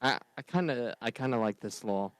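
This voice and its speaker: A man co-hosting a casual political podcast, talking earnestly in quick bursts and laughing. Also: mid-range voice, lively intonation, dry recording. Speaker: podcast co-host.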